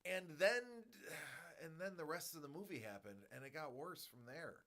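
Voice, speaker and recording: Man, 40s, stream host, casual rambling rant, fairly high voice, bright tone. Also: moderate pace. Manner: rambling, animated movie rant. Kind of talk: casual chat.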